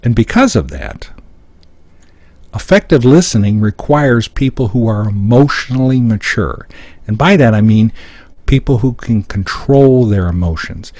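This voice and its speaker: A middle-aged American man presents a live seminar, walking step by step through the points on his slides in an explanatory way. His mid-range voice is expressive and unhurried with a darkish tone, captured in a dry recording.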